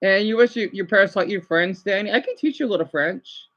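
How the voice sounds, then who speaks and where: A man's voice: high voice, expressive, fast, a bit bright, highs cut off. A man chatting casually with his live chat, rambling and hesitant with many restarts. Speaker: livestreamer answering chat.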